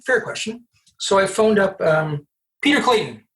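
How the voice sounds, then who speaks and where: A Canadian recruiter appearing on a podcast answers interview questions through animated stories, acting out dialogue and often restarting sentences. His voice sits high and moves at normal speed.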